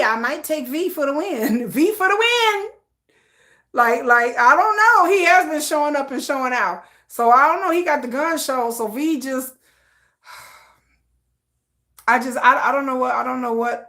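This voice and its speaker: High, lively woman joking to camera. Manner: playful, joking, laughs often. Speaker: K-pop news vlogger. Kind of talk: casual chat to camera.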